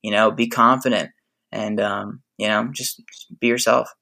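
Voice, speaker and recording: A man's voice: fairly low pitch, fairly even intonation, moderate pace, vocal fry, pushed and bright. A man on a podcast as a guest, chatting casually in a laid-back, joking way.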